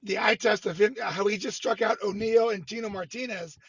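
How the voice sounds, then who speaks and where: A man's voice: high-pitched, steady tone, brisk, fairly bright tone, breathy edge, no room sound. A middle-aged man, a former baseball player, joining an interview by video call and talking casually. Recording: dull lo-fi video call audio.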